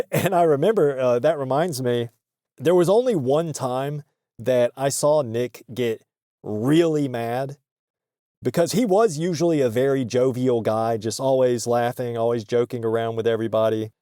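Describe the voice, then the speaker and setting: A man's voice: mid-range voice, moderate pace, warm tone, no echo, studio quality. A man telling a work story in a casual, profane and joking way, laughing between lines.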